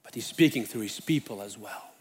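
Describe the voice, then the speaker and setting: A man's voice: on the low side, lively intonation, fairly quick. A man preaching a sermon in an earnest way, building up with rising questions. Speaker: pastor. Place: church sanctuary. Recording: long reverb of a church hall.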